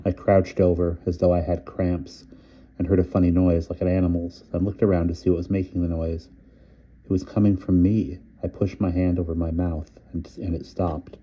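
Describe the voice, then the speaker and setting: A man reading a novel aloud in a measured, even narration. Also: low-pitched, dull audio. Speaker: audiobook reader. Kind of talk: scripted narration.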